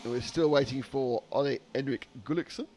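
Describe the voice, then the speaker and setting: A man calls a live motor race from trackside, with a mid-pitched voice. His delivery is dry and sarcastic. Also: fairly quick, a little mellow, slight background noise. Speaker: race commentator.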